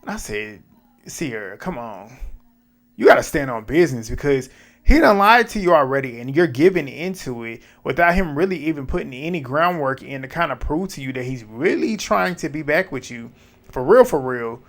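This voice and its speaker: A man casually recapping a reality dating show, retelling scenes with lively quoted dialogue and blunt asides. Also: on the high side, a little fast. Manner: animated retelling with quoted back-and-forth and asides.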